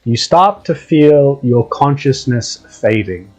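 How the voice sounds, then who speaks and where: A man narrates a tabletop game as game master, relaxed and slow. His voice is a little husky, his pitch moving in a lively way as he describes the scene. Soft music plays faintly behind him. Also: rough recording.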